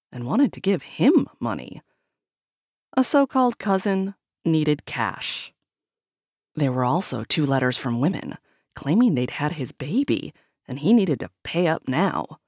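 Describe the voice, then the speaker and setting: A woman narrating a novel aloud in a measured, expressive reading. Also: sits low, dry recording, studio quality. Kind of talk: audiobook narration.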